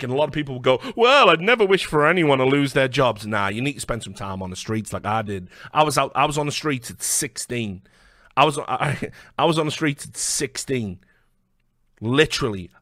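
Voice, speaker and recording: Brash British commentator; heated, combative rant with stammered restarts, dry and close. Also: male voice, medium pitch, fairly bright tone, dry recording. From Britain. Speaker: online commentator. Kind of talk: angry video rant.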